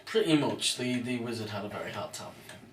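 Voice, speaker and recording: A man's voice: medium pitch, expressive, fast talker, recorded from a distance. A man co-hosting a casual chat, giving short agreeing replies with dry humor. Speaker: podcast co-host. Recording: roomy echo, off-mic, faint noise.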